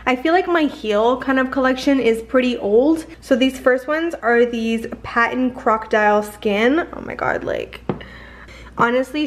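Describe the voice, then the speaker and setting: Gushing chatty young woman, bright pitch. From Canada. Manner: gushing, chatty, lots of fillers. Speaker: fashion haul vlogger. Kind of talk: casual haul vlog chat.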